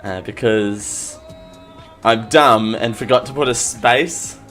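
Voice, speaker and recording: A man's voice: mid-range voice, slow pace, fairly bright tone, faint music behind. A man with an Australian accent, hosting a podcast and chatting casually, rambling and poking fun at himself with lots of restarts. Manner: rambling, self-mocking, many restarts. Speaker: podcast host. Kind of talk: casual live-show chat.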